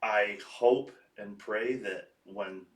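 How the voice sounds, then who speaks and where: A man's voice: on the low side, drawn-out words. A man hosting a podcast, chatting casually and bluntly, mostly chiming in with short replies. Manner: brief affirming responses, blunt swearing. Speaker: podcast host. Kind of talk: casual interview chat. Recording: echoey room.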